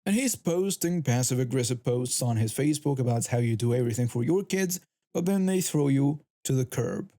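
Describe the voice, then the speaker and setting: A man giving a steady, scripted first-person narration of a story. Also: mid-range voice, a little fast.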